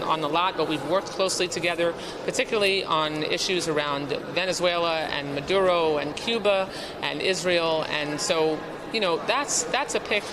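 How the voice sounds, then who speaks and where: A woman politician answering interview questions in a measured, halting, formal way. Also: fairly low pitch. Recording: noisy outdoor street audio.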